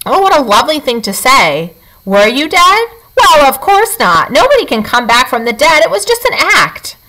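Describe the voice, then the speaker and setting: Dramatic show-off possum girl, a lady reading doing her, bright and bouncy. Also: sits high, very animated, moderate pace, voice pushed up, full character voice, poor audio. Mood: gushing. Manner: gushing, dramatic. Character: chatty theatrical female possum.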